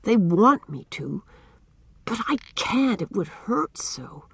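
A woman's voice: mid-range voice, very animated, slow, creaky, breathy edge, no echo, heavily acted. Woman reading as a sensitive young boy. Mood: earnest. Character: sensitive dreamy young boy who hates pain.

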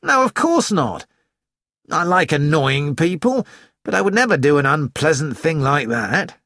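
A teasing, flippant young male student whose voice rises higher than the reader's own, as an audiobook reader puts him on. He speaks slowly, close to a dry mic. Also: very animated, fairly bright tone, dry recording. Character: thin young man student, teasing and mischievous. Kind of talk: audiobook character voice.

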